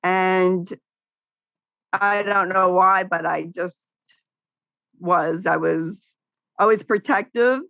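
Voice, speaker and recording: Speaking slowly in a fairly low voice with vocal fry and long pauses, a middle-aged woman guests on a podcast about caregiving. She's outspoken and tells animated stories with laughs in a casual interview, captured on a dry, dull recording.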